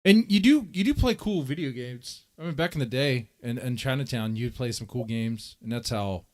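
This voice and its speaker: A male livestream host talking casually at a middle pitch. He rambles and teases, with an easy mocking tone. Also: expressive, moderate pace.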